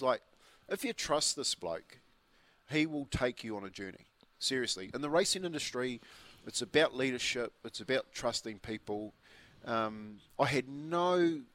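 A man's voice: mid-range voice, fairly bright tone. A New Zealand man in his fifties, co-hosting a breakfast show and telling a rambling story full of restarts and laughter. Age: 50s. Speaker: radio co-host. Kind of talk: casual breakfast-show chat.

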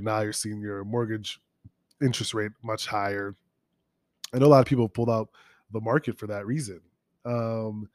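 A man's voice: mid-range voice, darkish tone, dry recording. A man hosting a solo finance news podcast, talking casually with frequent ums and restarts while sick with sniffles. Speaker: podcast host.

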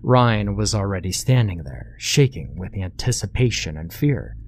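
A man reading a horror story aloud in a measured, matter-of-fact narration. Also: low-pitched, sing-song.

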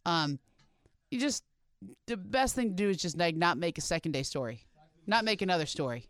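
A sports commentator talks through a game in a thoughtful, explaining way. The voice is smooth and clear, and the recording is dry. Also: mid-range voice, animated, brisk, fairly bright tone, no room sound. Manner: reflective, explanatory. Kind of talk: casual sports talk.

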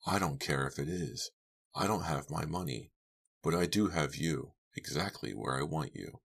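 A man voicing a menacing adult male villain who threatens with a chainsaw and talks in a low, sarcastic growl. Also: moderate pace, vocal fry, fairly bright tone, exaggerated voice.

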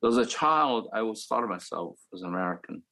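An older man from the Philippines, calmly telling his life story as a panel speaker. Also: fairly low pitch, quick pace, gravelly, rough recording. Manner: reflective, matter-of-fact storytelling. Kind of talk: personal storytelling.

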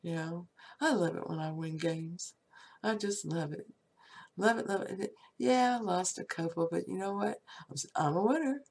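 A woman's voice: fairly low pitch, moderate pace. A woman giving a casual, upbeat talk on prayer and feeling, often laughing and dropping into whispers. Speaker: spiritual speaker.

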